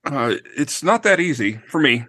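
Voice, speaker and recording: A man's voice: a little high, sing-song, moderate pace, sharp tone, slightly rough, no echo, studio quality. A man on a podcast panel, hesitant, with many fillers and asides. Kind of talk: casual chat.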